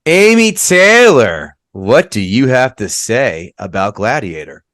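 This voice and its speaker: A man's voice: lowish voice, expressive, unhurried, no echo, studio quality. A man hosting a podcast, joking in an irreverent, casual way. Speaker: podcast host.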